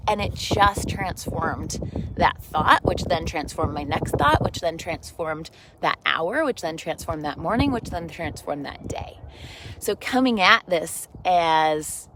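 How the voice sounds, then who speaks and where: Woman fitness instructor, slightly low voice, warm motivational pep talk mid-class, reflective and repetitive, loud background noise with clicks. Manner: reflective, encouraging, builds on repeated phrases.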